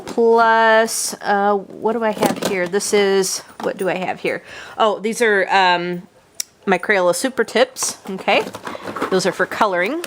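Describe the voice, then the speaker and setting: A woman's voice: medium pitch, measured pace, noisy background. A woman talking casually on a handheld camera as she tours her home craft room, rambling with many fillers and restarts. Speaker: vlogger giving a room tour. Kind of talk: casual chat.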